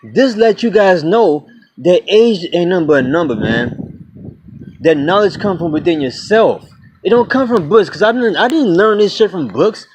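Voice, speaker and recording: A man's voice: high voice, expressive, normal speed, a little mellow, a little hiss or hum. A man in his twenties ranting bluntly to his viewers in a casual vlog, swearing freely and calling them "y'all" and "man". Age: 20s. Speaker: vlogger. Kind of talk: casual rant to camera.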